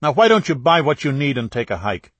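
A man reading an audiobook, voicing a suspicious young medical student who talks curtly and defensively, pushing his voice higher and louder. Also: lively intonation, moderate pace, breathy edge, dry recording. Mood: hostile. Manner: curt, sharp, guarded.

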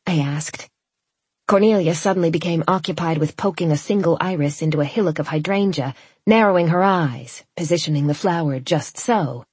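A woman's voice: deep voice, normal speed, slightly rough, no room sound. Woman narrating a wry first-person story. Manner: wry, lively reading with voiced dialogue. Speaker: audiobook narrator.

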